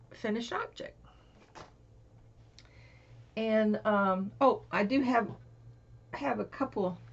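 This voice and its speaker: A woman from Florida talks casually on her crafting vlog, wandering between thoughts with plenty of fillers and restarts. Her voice has a gravelly edge. The home recording sounds muffled and dull. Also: medium pitch. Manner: rambling, chatty, many fillers and restarts. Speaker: crafting vlogger. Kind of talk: casual chat.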